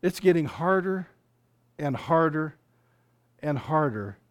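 A man preaching a fervent sermon, reading scripture aloud and speaking in quick bursts. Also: fairly high pitch, expressive. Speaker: pastor.

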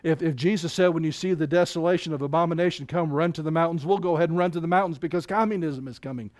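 A man preaching a fervent sermon, reading scripture aloud and speaking in quick bursts. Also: fairly high pitch, a little mellow. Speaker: pastor.

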